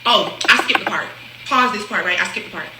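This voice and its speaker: A woman telling a story casually, animated, laughing often and acting out what others said. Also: mid-range voice, brisk. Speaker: storyteller on a reaction video. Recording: echoey room with faint hiss.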